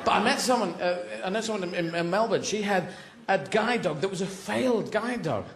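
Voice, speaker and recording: A man performing a slow, meandering stand-up comedy routine that often trails off. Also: high-pitched, a crowd in the background. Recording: roomy live venue with loud audience noise.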